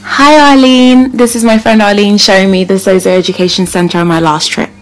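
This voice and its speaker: A young woman reading a scripted voice-over in a steady, informative way. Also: mid-range voice, quick pace, faint music behind, low-quality recording. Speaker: volunteer narrating her plans.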